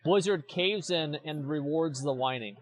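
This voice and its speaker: A young man with a slightly high voice gives casual commentary on a stream. He talks bluntly and mockingly, swears often, and stumbles over repeated words as he starts his points. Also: a little slow. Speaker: streamer reacting to forum posts.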